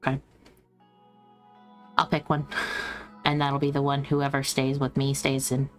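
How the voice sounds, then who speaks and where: Low-voiced woman playing a tabletop game. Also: monotone, unhurried, soft background music. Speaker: player. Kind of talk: casual tabletop role-play.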